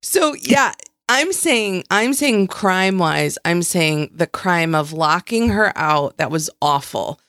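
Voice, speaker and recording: Hedging woman podcast host, lowish voice. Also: lively intonation, takes it slowly, a bit bright, dry recording. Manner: hedging, restarts, qualifies her points. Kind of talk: casual chat.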